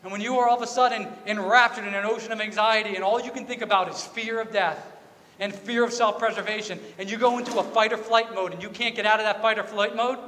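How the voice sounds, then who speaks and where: A high, bright-voiced male pastor delivering an earnest, confessional sermon. His words ring out with a long church-hall reverb over a faint hum of ambience. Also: steady tone, fast talker, hardly any pauses. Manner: earnest, confessional storytelling with repeated phrases. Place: church sanctuary.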